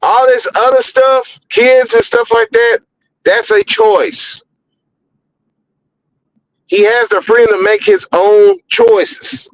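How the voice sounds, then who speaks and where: Blunt high-voiced man ranting on a podcast. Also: sing-song, takes it slowly, vocal fry, pauses often, no echo, rough recording. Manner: blunt, profane, repeats words when heated. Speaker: podcast host. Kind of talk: opinionated podcast commentary.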